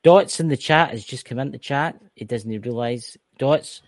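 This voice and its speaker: A man's voice: mid-range voice, normal speed, no echo. A Scottish man co-hosting a casual podcast, joking and rambling with plenty of swearing. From Scotland. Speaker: co-host.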